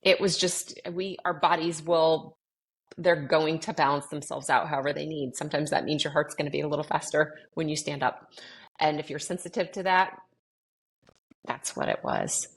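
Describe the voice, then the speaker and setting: Lively lower-voiced woman acting out quotes. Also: a little fast. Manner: animated, acts out quoted dialogue with clients; self-interrupting, restarts sentences. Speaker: guest sharing her experience with anxiety. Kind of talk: casual interview conversation.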